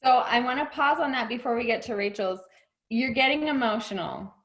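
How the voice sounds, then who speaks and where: A woman's voice: fairly high pitch, fairly quick, a bit bright, low-quality recording. A woman leading a group mindset session over a video call, encouraging and emotional, laughing often.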